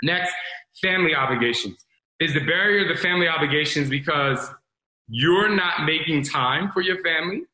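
A man's voice: a little high, normal speed, pushed and bright. A man in his forties giving a candid, rambling motivational talk, confessing personal stories and addressing listeners as y'all. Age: 40s. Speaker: self-improvement talk host. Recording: roomy echo.

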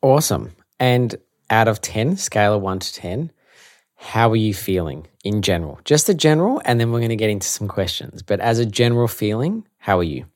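A man co-hosting a podcast, asking questions in a relaxed, casual way. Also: lowish voice, fairly quick, no echo, studio quality. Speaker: podcast co-host.

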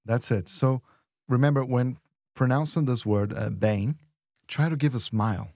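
A man teaching on a lesson podcast, modelling words slowly and patiently. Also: medium pitch, a little mellow, no echo, clean studio sound. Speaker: language teacher.

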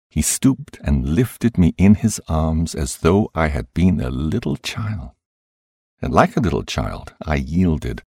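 A man reading a book aloud calmly as a podcast host, in scripted narration. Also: very deep voice, breathy edge, no room sound, studio quality.

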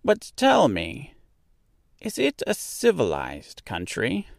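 A man voicing a kindly little old good witch who speaks calmly in a storybook reading. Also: on the high side, takes it slowly, gravelly, dry recording, clean studio sound, voice pushed up, heavily acted. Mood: explaining. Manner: calm, gently laughing.

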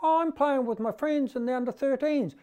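A man voicing a shy young boy with a squeaky voice, quoted inside a story he tells. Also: brisk, darkish tone. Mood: sheepish. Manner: mild, sheepish replies.

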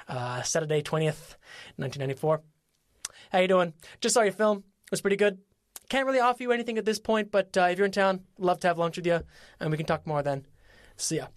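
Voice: mid-range voice, animated, fast, no echo, clean studio sound, lightly acted. A podcaster voicing a straight-laced male film executive who leaves clipped, businesslike answering-machine messages. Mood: brisk.

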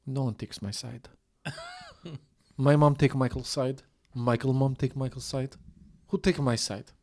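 A man imitating a scattered young woman with a thick Ukrainian accent, speaking broken English in a high, sing-song voice. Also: huge pitch swings, unhurried, a little mellow, full character voice. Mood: plaintive.

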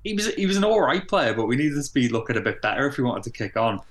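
A man's voice: medium pitch, big pitch swings, fast talker, a bit bright. Easygoing man in football chat. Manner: hesitant, restarts words, easygoing. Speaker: podcast co-host.

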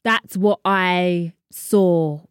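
A woman's voice: on the low side, fairly even intonation, extremely slow, clear, resonant tone, no room sound, studio quality. A woman, hosting her own podcast in a chatty, rambling way and laughing at her own asides. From London, England. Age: 30s. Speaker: podcast host. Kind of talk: casual solo podcast chat.

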